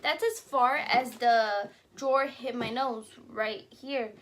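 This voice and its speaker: A woman's voice: a little high, takes it slowly, slight background noise. A young woman casually telling stories to camera while eating, chatty and laughing along as she talks. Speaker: vlogger.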